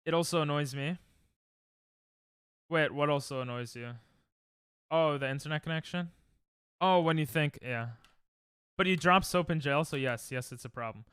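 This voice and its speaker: A young man streaming, chatting casually and rambling to his live chat, laughing often and breaking into sudden high yelps. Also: sharp tone, clean tone, dry recording.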